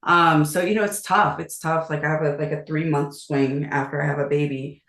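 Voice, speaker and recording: A woman in her thirties, a real estate agent, talking as a podcast guest in a brisk, casual way and laughing easily. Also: sits low, steady tone, a bit bright. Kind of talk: casual interview chat. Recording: echoey room.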